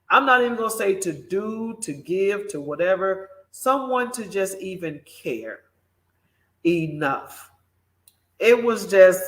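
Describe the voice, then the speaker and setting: A woman host shares a personal story at an easy, unhurried pace. She talks with animated emphasis, turning often to address her audience. Her voice rings in a roomy, echoing space. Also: lowish voice. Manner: animated, emphatic, speaks directly to listeners. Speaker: morning show host. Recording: roomy echo.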